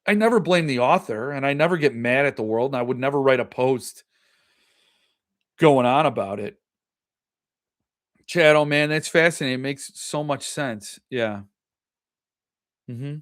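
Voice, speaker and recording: A man's voice: mid-range voice, unhurried, pauses often. A middle-aged man hosting a casual livestream, chatting and reacting to viewer comments, often trailing off and restarting his sentences. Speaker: host.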